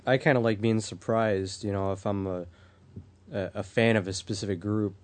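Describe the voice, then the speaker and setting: A man's voice: on the low side, steady tone, moderate pace, darkish tone. A man co-hosting a casual podcast chat, hesitant and prone to repeating words as he talks. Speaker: podcast co-host.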